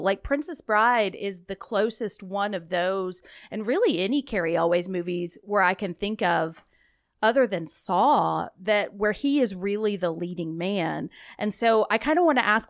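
A chatty woman discussing films on a podcast, her voice carrying a steady gravelly fry. She talks loosely and keeps tossing in "like" and "you know." Her pitch sits in a middling range. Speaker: podcast co-host. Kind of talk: casual film discussion.

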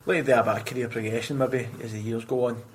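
A man's voice: mid-range voice, quick pace, a little hiss or hum, low-quality recording. A young Scottish man, a prison officer, chatting casually in an interview and telling stories with plenty of swearing. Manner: swears freely, animated storytelling.

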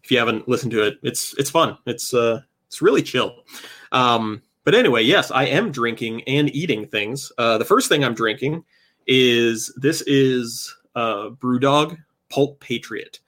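A man's voice: medium pitch, measured pace. A man co-hosting a late-night podcast stream, chatting casually and laughing while he tastes beer and food. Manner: relaxed, laughing, rambling about beer. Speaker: podcast co-host. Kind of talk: casual chat.

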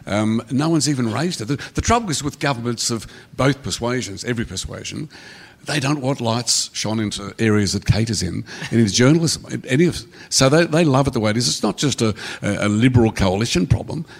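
A man argues his point on a live panel. He speaks fast and emphatically, repeating himself. His voice sits mid-pitched. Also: animated, vocal fry, breathy edge. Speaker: journalist panelist. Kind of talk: panel discussion. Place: theatre stage before a live audience.

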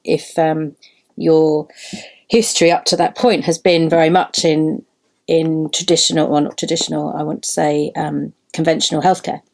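A woman who works as an osteopath, a podcast guest, explaining her work in a thoughtful, measured way. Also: deep voice, level tone, creaky, darkish tone. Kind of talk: casual conversation.

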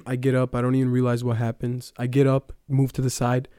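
A man's voice: mid-range voice, completely flat delivery, a little fast, warm tone, clean tone, dry recording, clean studio sound. A young man giving a casual personal testimony, telling his story with lots of fillers like "um" and "like". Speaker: testimony speaker.

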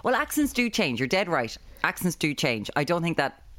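A woman's voice: sits low, very animated, moderate pace, a bit bright. An Irish woman co-hosting a podcast, chatting casually with dry teasing remarks. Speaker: podcast co-host. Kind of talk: casual chat.

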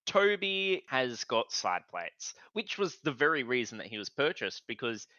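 A man co-hosting a casual online podcast discussion, animated and prone to stammering restarts. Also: mid-range voice, normal speed, no room sound, lo-fi sound. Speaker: podcast co-host.

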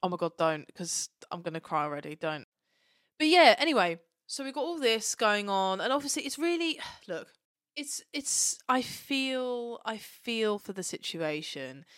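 A young Englishwoman co-hosting a podcast, chatting in an animated, sweary way and slipping into little acted-out voices. Her voice sits at a middling pitch, recorded close and dry. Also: a little slow, dry recording. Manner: animated, swears a lot, acts out characters. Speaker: podcast co-host. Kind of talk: casual chat.

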